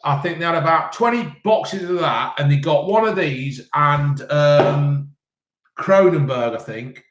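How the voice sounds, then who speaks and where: A man in his fifties hosts a casual live chat, answering viewers' questions with blunt, sweary banter. His voice sits a bit high for a man. The sound is echoey, as if he is in a bare room. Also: unhurried. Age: 50s. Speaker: live-stream host reading chat questions.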